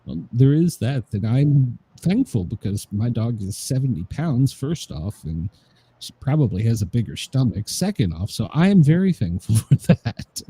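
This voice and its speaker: A man's voice: mid-range voice, very animated, moderate pace, dark tone, breathy edge. A man hosting a casual talk show, ranting with profanity and laughing often. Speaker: host. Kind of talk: casual chat.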